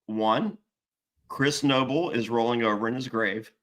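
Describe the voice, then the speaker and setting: A man's voice: mid-range voice, measured pace. A man co-hosting a casual reality-show recap chat, joking and restarting his sentences. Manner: animated, joking, stumbling restarts. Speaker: podcast co-host, former reality contestant.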